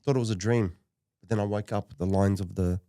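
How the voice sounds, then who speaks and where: A man from Western Sydney, a podcast guest telling a personal story in a halting way with many restarts. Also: lowish voice, fairly even intonation, warm tone, no room sound, studio quality. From Western Sydney, Australia.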